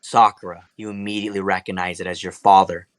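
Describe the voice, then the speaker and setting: A man's voice: deep voice, flat delivery, quick pace, dry recording. A young man narrating a tabletop game as game master in a loose, casual way full of fillers.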